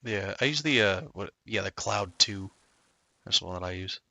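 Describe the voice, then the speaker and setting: Gravelly-voiced man telling rambling stories. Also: low voice, moderate pace, bright, forceful tone, no echo. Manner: rambling storyteller, many fillers. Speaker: streamer. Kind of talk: casual chat.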